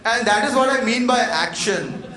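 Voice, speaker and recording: A man's voice: extremely high pitch, lively intonation, moderate pace, bright, forceful tone. A man giving a motivational talk, telling a story dramatically and acting out its dialogue in a large event hall. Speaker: motivational speaker. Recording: echoey hall with faint noise.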